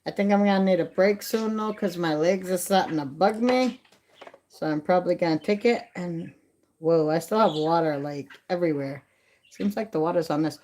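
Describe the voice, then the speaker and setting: A woman's voice: on the low side, normal speed, dark tone, a little hiss or hum. A middle-aged woman hosting a casual livestream from home on her phone, chatty and laughing at her own stories. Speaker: livestream host. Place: home, by a bedroom window. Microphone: phone held in hand.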